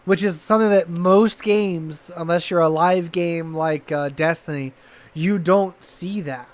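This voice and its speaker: A high-pitched man co-hosts a gaming podcast in relaxed conversation. He rambles with enthusiasm, often breaking off and restarting his sentences, and his tone stays loose and chatty. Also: measured pace. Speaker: podcast co-host. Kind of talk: casual chat.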